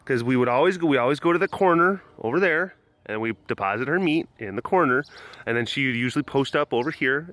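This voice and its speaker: A man's voice: mid-range voice, expressive, quick pace, a bit bright. A man vlogging casually outdoors by animal enclosures, rambling and joking with plenty of fillers. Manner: rambling, jokey, loose with fillers. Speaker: vlogger at a big cat sanctuary. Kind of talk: casual outdoor webcast chat. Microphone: handheld or camera microphone catching wind.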